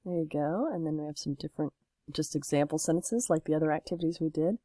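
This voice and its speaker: A woman with a slightly low voice walks through a French lesson, patient and steady, explaining each step with examples. The sound is dry and close, with no room around it. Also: quick pace, dry recording. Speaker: French teacher. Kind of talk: recorded classroom lesson.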